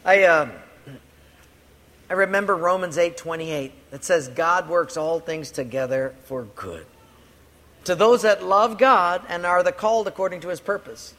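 A man's voice: high-pitched, a little slow, a bit bright. A man preaching a sermon, telling a personal story earnestly and repeating key lines for emphasis. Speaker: pastor. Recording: long hall reverb, faint room noise.

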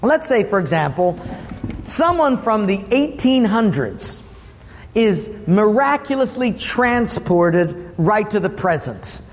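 A man preaching a sermon as pastor, lively and asking the congregation questions. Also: high-pitched, slow pace, big-room sound.

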